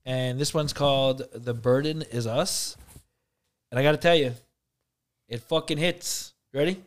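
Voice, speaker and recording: A man's voice: medium pitch, measured pace. A man hosting a podcast in casual chat, loose and profane, rambling with lots of fillers. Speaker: podcast host.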